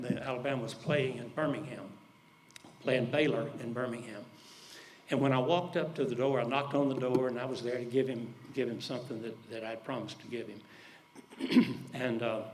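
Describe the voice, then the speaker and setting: An older man, telling folksy stories in a speech and dropping his voice low when he quotes others. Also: a little mellow, slight background noise. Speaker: speaker at an alumni event. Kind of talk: storytelling speech.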